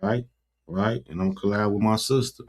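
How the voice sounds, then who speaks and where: A man's voice: lowish voice, steady tone, moderate pace. A man hosting his own YouTube channel in a casual livestream chat, talking in an earnest, repetitive, affirming way.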